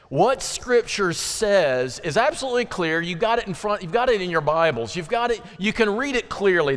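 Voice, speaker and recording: A man preaching a conversational sermon to a congregation, lively and animated, often slipping into acted-out voices. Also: high-pitched. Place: church sanctuary. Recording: long reverb of a large hall.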